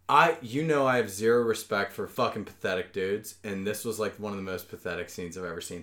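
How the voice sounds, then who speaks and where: Talking briskly with few pauses, this man has a fairly low, fairly bright voice in an echoey room. He hosts a podcast from a studio, chatting casually and ranting mockingly with lots of swearing.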